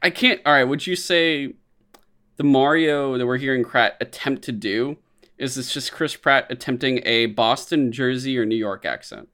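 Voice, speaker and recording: Male podcast co-host, eager fact-lister, halting casual delivery. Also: medium pitch, pushed and bright. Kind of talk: casual chat.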